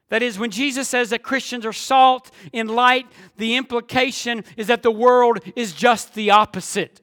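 Man preaching a sermon, really high voice, leans hard on key words. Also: bright, forceful tone. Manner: preaching with emphatic repetition and drawn-out phrases. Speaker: pastor.

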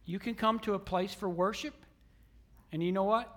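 A man preaching a sermon as pastor in a church, emphatic, swinging from loud declarations down to hushed, almost whispered lines. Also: high voice, normal speed. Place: church sanctuary.

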